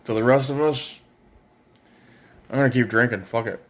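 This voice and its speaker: In a profane political rant posted on video, a young Ontario man speaking as a parent is angry, sarcastic, and swears constantly. He has a medium-pitched voice and keeps a moderate pace.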